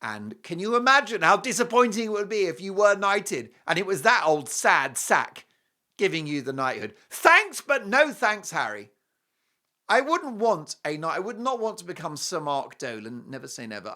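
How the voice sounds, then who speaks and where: Brit guy host ranting about clips, all over the place pitch-wise, bright tone. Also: normal speed. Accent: British. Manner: animated and mocking, with scornful asides. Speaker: talk show host. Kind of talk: opinionated commentary on clips.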